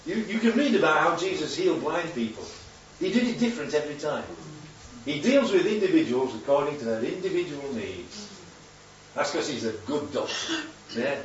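Male preacher, interactive sermon, animated; high-pitched and lively; distant, dull recording. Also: a little hiss or hum. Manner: animated, asks the congregation questions. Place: church hall. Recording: echoey hall from far off, dull.

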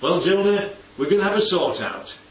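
A man with a high-pitched, expressive voice preaches at a moderate pace, keeping his sermon conversational and chatty with frequent rhetorical questions for the congregation. Crowd noise is present, and the recording sounds distant and dull in an echoey hall.

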